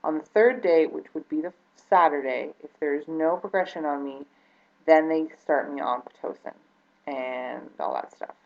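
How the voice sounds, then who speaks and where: A woman vlogger with a low, deep, gravelly voice talks directly to the camera at a moderate pace. She's earnest and near tears, hesitating and restarting with many ums, and the audio sounds dull and lo-fi, like a 2012 webcam.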